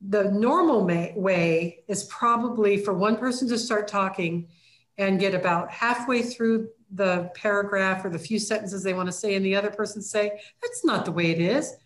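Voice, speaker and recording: A woman leading a church class, talking in an easy conversational way. She acts out little quoted lines with sharp rises in pitch. Her voice carries an echoey room sound. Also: steady tone, moderate pace. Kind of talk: casual teaching talk.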